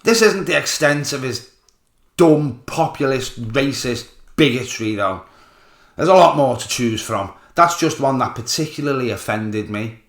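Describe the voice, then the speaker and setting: A man's voice: mid-range voice, lively intonation, unhurried. Male commentator, angry sarcastic monologue, swears freely; roomy recording. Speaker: political commentator. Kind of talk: ranting political monologue. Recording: roomy echo.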